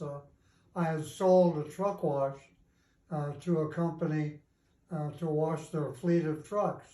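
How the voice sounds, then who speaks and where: An older man telling a family story in an unhurried, folksy way over a video call, pausing often with "uh". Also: on the high side, warm tone. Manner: unhurried, folksy, with many "uh" pauses. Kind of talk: casual storytelling. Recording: echoey room on a video call.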